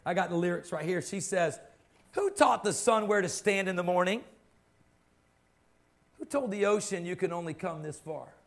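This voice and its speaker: A man's voice: sits high, moderate pace, long pauses. A man preaching a sermon to his congregation, impassioned and fond of repeating phrases for emphasis. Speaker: pastor.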